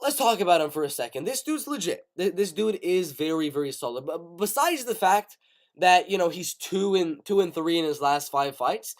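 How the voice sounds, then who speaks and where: Man, live show host, casual commentary, animated fight breakdowns, slightly higher voice. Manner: rapid, animated fight breakdown with play-by-play bursts. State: coughing, sick. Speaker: MMA prediction show host.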